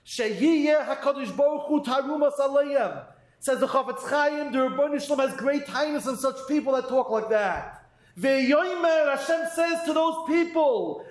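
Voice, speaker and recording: Guy giving a torah sermon, really high voice, reads hebrew slow then translates fast, echoey room. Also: animated. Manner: reads Hebrew and Aramaic phrases slowly, then translates quickly; acts out doubters' voices in quotes. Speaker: rabbi giving a Torah talk.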